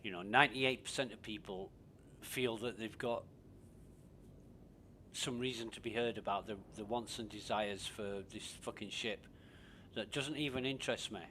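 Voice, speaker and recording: Sweary low-voiced gamer. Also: male voice, moderate pace, pushed and bright, a little hiss or hum. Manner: rambling, profane, laughs easily. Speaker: gaming streamer. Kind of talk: casual gameplay commentary.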